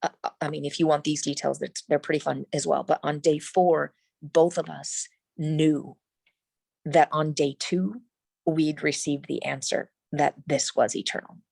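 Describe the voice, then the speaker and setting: A middle-aged woman, a guest in an interview, telling a personal story in an animated, emphatic way with frequent restarts. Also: low-pitched, unhurried, vocal fry, slightly rough, no room sound, rough recording.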